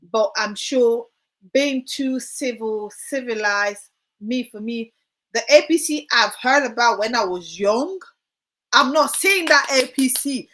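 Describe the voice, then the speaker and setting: A woman's voice: on the high side, fairly bright tone. A woman co-hosting a political discussion, speaking earnestly and thinking aloud with some hesitation. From Sierra Leone. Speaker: co-host.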